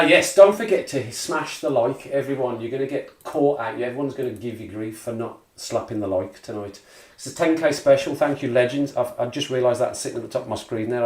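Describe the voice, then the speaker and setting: A man with a Black Country accent hosting a casual live stream, chatting and joking as he reads out viewers' messages. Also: medium pitch. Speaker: livestream host. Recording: echoey room.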